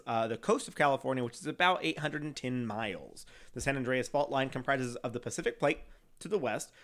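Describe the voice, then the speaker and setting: Casual male co-host, even mid pitch, reads facts with stumbles and jokes around. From United States. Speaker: podcast host presenting the topic. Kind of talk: casual comedic chat.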